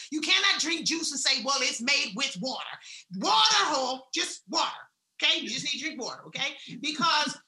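A woman giving a blunt, salty motivational talk, swinging between loud emphasis and hushed asides. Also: high voice, echoey room. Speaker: wellness speaker.

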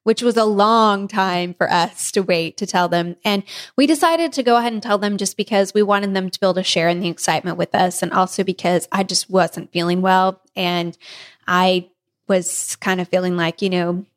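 A pregnant woman co-hosting a podcast, telling a story in a casual, animated way with frequent laughs. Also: medium pitch, normal speed, clean tone. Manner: animated, laughing often, acting out family members' lines. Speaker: podcast co-host.

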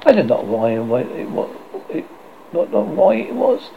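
A man reading a children's classic aloud, halting now and then and restarting lines, on a dull lo-fi recording. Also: fairly high pitch, very animated, vocal fry, a little hiss or hum. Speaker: audiobook narrator. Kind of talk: storybook reading.

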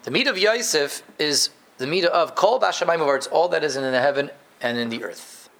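A man teaching a live Torah class, his voice sitting a little higher than most men's. He talks animatedly, punching key words with sudden lifts and sinking into low asides. He jokes easily with his students. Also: fairly quick, a little hiss or hum. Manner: animated, emphatic, jumps between loud stresses and low asides.

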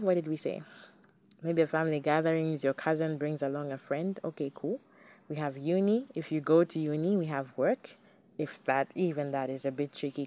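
On her solo podcast, a young host speaks to listeners in a candid, chatty, casual way, her voice low-pitched and mellow.

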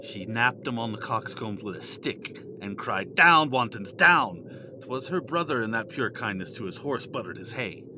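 An actor playing a sly, mocking court jester who speaks in sing-song rhymes and teasing quips. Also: male voice, on the low side, moderate pace, hardly any pauses, background noise, lightly acted.

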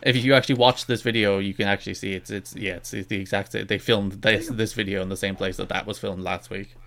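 A man co-hosting a podcast in casual chat, talking quickly and restarting his sentences often. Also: fairly low pitch, steady tone, a bit bright. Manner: quick, self-interrupting talk with frequent restarts. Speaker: podcast co-host.

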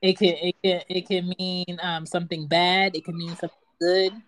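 A woman co-hosting a casual chat, talking in an animated, slangy way and quoting phrases. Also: on the low side. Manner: animated, slangy, jumps in with quick quotes. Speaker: podcast co-host.

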